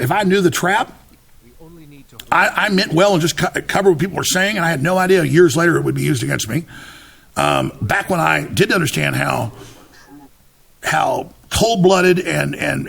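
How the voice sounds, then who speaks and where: A man with a fairly high, gravelly voice that's fairly bright and slightly rough speaks as an interview guest. He tells his story emphatically in animated conversation, restarting words and acting out what other people said.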